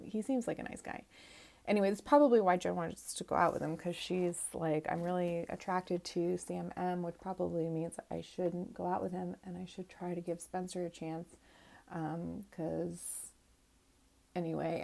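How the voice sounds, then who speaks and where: A woman in her thirties talks through a reality show recap on her own, rambling and opinionated, circling back on herself. Her voice sits a little low with a gravelly fry and a mellow, dark tone. It is loose, unscripted chat. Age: 30s. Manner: rambling and opinionated, full of "like" and restarts. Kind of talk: casual solo recap chat.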